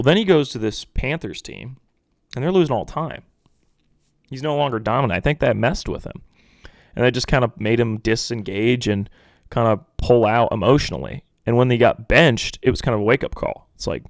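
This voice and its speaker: A young man hosting a casual solo sports podcast, rambling and animated, sometimes mocking pundits in impressions. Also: medium pitch, dry recording, clean studio sound. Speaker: podcast host.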